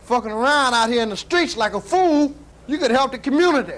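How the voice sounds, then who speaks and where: A gruff old wino, played by a man in a stand-up routine, rattling off scolding advice in a quick, lower voice. He lectures with a know-it-all bluster. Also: animated, fairly bright tone. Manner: lecturing, rapid-fire, scolding. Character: gruff older male wino lecturing a junkie. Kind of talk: stand-up character bit.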